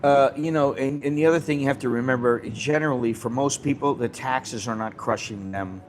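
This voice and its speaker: An American man talks off the cuff on a live stream in a mid-pitched voice. His talk is blunt and rambling, with the odd swear word. Faint music sits low behind him. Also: brisk. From United States. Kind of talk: casual live-stream chat.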